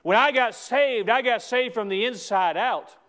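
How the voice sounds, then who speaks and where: A man preaching a sermon as a pastor, emphatic, with repeated restarts and stretches where he rises to a shout. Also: extremely high pitch, unhurried.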